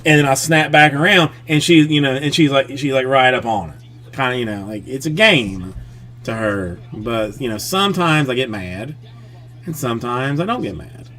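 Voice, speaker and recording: A man chatting casually on a live stream, his voice bright and forward. He rambles and circles back, with constant "I mean" and "like" restarts as he works through a family story. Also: mid-range voice, expressive, normal speed.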